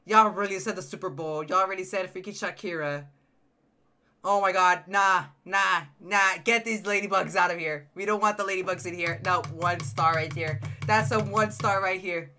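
A man streaming a game live, reacting with loud, excitable outbursts and teasing his chat. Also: high-pitched, normal speed. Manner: addresses chat directly, playful teasing. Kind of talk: live gameplay commentary.

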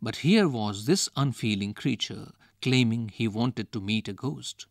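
Slow, expressive Indian male reader. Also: mid-range voice, vocal fry, dry recording, clean studio sound. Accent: Indian English. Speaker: lesson narrator. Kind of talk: reading a textbook story aloud.

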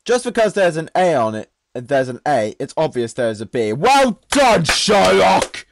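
A man's voice: mid-range voice, big pitch swings, moderate pace, a little mellow, dry recording. An eighteen-year-old man giving gameplay commentary, jumpy, swearing and shrieking at scares. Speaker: gamer.

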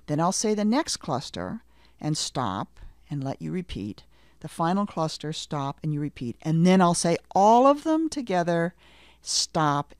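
A middle-aged woman teaching a language lesson, slowly and deliberately saying letter names and asking the listener to repeat after her. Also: deep voice, no echo, studio quality. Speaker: Hebrew teacher. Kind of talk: slow, careful language lesson with repetition drills.

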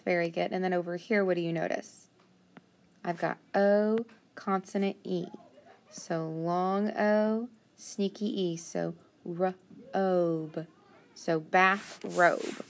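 A woman teaching a phonics lesson, thinking aloud and patiently sounding out words, with steady praise. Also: medium pitch, vocal fry.

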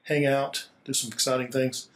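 A man's voice: medium pitch, flat delivery, normal speed. A pastor recording a casual walking tour of his small church on a laptop, chatty and slightly out of breath, laughing often. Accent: Hawaii. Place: small church building indoors. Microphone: laptop held while walking.

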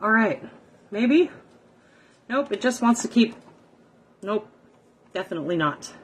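A woman's voice: medium pitch, lively intonation, measured pace, slightly rough, poor audio. A middle-aged woman chatting to viewers during a live cooking stream from her small home kitchen. She talks casually and is self-deprecating, sounding exasperated by her setup and recording on her phone. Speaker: cooking livestream host.

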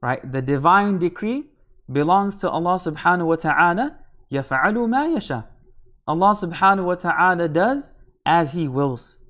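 A man teaching a line-by-line Quran commentary, reading Arabic passages quickly and then explaining them slowly in English, often asking "right?" as he goes. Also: high-pitched, lively intonation, fairly bright tone. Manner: repeats phrases, asks "right?". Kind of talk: line-by-line scripture lesson.

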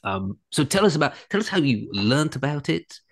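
A middle-aged English man hosting a podcast, telling animated stories with frequent laughter. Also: on the high side, slightly rough. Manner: animated storyteller, laughs a lot, quick asides. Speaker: podcast host. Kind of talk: casual podcast chat.

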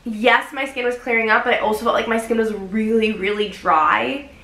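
A young woman talks to her camera in a loose, chatty vlog, tossing in "like" every few words. Her voice sits a bit high and sounds bright and forward. The room around her rings with a noticeable echo. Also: moderate pace. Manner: chatty and expressive, many "like" fillers. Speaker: vlogger.

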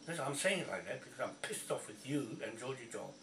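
Speaking fast and animatedly in a slightly bright, mid-range voice, a man unleashes a furious rant at the camera for his video blog. He curses and repeats himself aggressively, recorded from a distance in an echoey space with faint noise.

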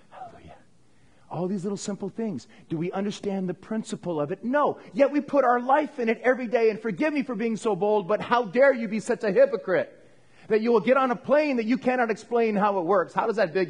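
A pastor preaching a sermon in a church, talking conversationally with the congregation and calling for amens. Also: male voice, sits high, animated, fairly quick.

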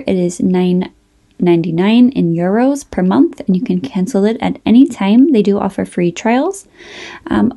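Brief: female literature teacher, measured and explanatory, gravelly and mellow. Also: medium pitch. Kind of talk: literature lesson with a read-aloud extract.

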